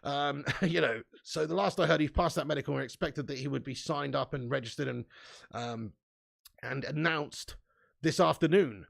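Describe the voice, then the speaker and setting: A man's voice: fairly high pitch, gravelly. A young man hosting a casual live stream, reading out viewer comments in a chatty, laddish way with frequent laughs and swearing. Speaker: fan channel host reading live chat.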